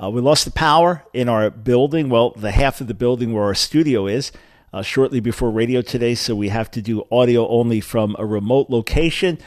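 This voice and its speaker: A man's voice: mid-range voice, brisk, no room sound. A man hosting a call-in radio talk show, speaking emphatically and pushing his voice up to stress key points. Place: remote location.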